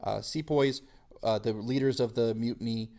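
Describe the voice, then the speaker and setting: A man teaching a history lesson in a casual, lively way, sometimes slipping into quick silly voices. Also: mid-range voice. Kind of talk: classroom lecture.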